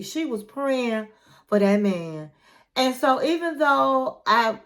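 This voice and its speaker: A woman's voice: on the high side, a bit bright. A woman hosting a casual reality-TV recap, chatty and opinionated, retelling scenes as she goes. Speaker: recap channel host.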